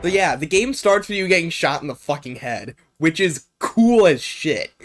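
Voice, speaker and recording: A man's voice: a little high, expressive, a little slow, faint music behind. A young man presenting a video game on a livestream, rambling off script with lots of ums and uhs.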